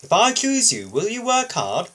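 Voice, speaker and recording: Man voicing a stern railway boss, blustering, husky, swinging pitch, storybook reading. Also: wildly swooping pitch, moderate pace, fairly bright tone, heavily acted. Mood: firm. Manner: firm, blustering and commanding.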